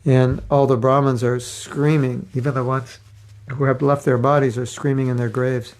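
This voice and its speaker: A man's voice: mid-range voice, steady tone, normal speed, creaky, darkish tone. A man giving a devotional class, telling stories and acting out the voices of the people in them. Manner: storytelling, acting out quoted voices. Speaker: spiritual teacher. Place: class setting.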